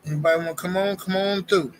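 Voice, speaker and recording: A man's voice: high voice, steady tone, quick pace, slight background noise, low-quality recording. A man in his forties hosting a livestream, talking bluntly and slangily in casual commentary. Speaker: livestream host.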